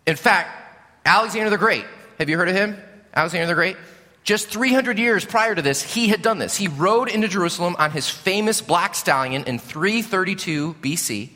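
A male preacher giving a sermon, telling the story with animated storytelling that swells and drops. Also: sits high. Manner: animated storytelling, rising and falling. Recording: long reverb of a large hall.

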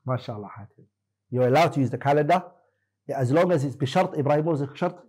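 Male teacher, mellow husky voice, questioning students in class, firm corrections. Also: medium pitch, fast talker, low-quality recording. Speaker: Islamic teacher. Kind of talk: classroom lesson quizzing students.

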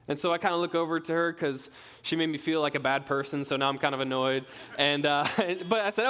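A man's voice: on the high side, a little fast, fairly bright tone. A young man, a pastoral resident, preaching a sermon with conversational storytelling and self-deprecating humor. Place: church sanctuary. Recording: long reverb of a church hall.

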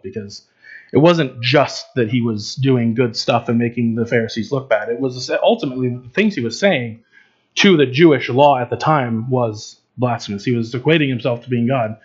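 A man's voice: medium pitch, a little fast, husky, highs cut off. A man preaching in an informal, conversational way, with frequent fillers and restarts. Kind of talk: informal Bible teaching.

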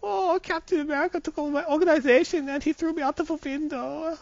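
A man's voice: high voice, animated, normal speed, warm tone, no room sound, highs cut off, voice pushed up. A man putting on a whiny pitiful villain voice. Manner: mock-pitying, sing-song.

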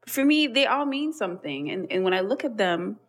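Young woman, podcast co-host, animated ranting storyteller, mid-range voice, acts out the people she quotes. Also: mid-range voice, brisk. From Canada. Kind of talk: casual chat.

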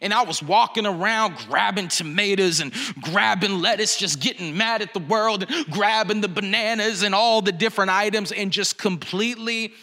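A man's voice: sits high, normal speed, hardly any pauses, bright, forceful tone. A young adult man, a pastor, preaching a sermon in a candid, conversational storytelling way, speaking directly to his congregation. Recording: long reverb of a large room.

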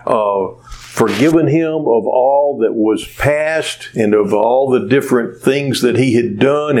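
A man preaching a sermon in a slow, conversational way, full of asides and questions to the listeners. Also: medium pitch, a little hiss or hum.

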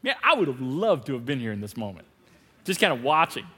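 A man preaching a sermon as pastor, animated, acting out bits of dialogue with laughs. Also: medium pitch, fairly quick, slightly rough, in a large hall. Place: large church hall.

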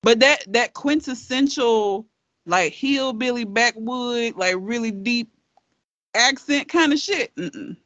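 A man's voice: extremely high pitch, slow, bright, forceful tone, dry recording. A man from Alabama with a Southern US drawl, chatting bluntly and emphatically as a podcast co-host, laughing often. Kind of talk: casual chat.

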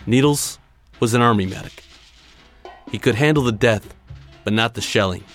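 A man's voice: medium pitch, moderate pace, faint music behind. A man telling a dramatic personal story in punchy, short clipped phrases.

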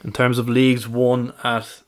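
A man on a casual podcast, working through a list of figures, dates and records. His voice sits in a middling register, and he talks at an even, methodical pace. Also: mid-range voice, measured pace. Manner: reels off stats and dates, methodical. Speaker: podcast co-host, stats presenter.

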